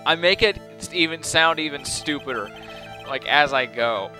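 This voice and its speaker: A man's voice: on the high side, lively intonation, moderate pace, sharp tone, soft background music. A man giving casual, giggly, self-mocking commentary over a game. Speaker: let's play commentator.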